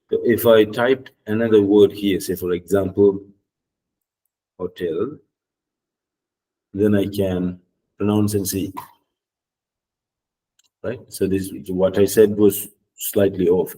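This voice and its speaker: A man with a Tamil accent teaching English pronunciation in an online class, patiently repeating words slowly. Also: low voice, dark tone, far from the mic, low-quality recording. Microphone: video call.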